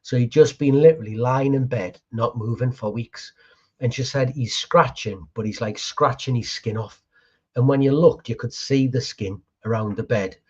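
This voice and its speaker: A man with a slightly husky voice tells casual, slangy stories as a podcast host. The audio is a little dull and lo-fi. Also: medium pitch, moderate pace. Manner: lively anecdotes with laughter and colloquial slang. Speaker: podcast host, pest control business owner. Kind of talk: casual storytelling chat.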